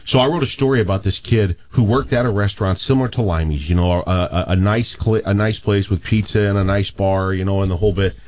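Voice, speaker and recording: Brief: low-pitched man, animated storyteller, dull lo-fi recording. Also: fast talker, few pauses. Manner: animated storyteller with many restarts. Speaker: co-host telling a story. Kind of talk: casual chat, storytelling.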